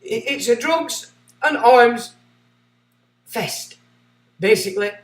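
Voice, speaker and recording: Speaking slowly but animatedly in a very high-pitched voice, a male livestream host reads out chat and delivers sarcastic rants. He veers between loud and muttered remarks. The recording is distant and echoey.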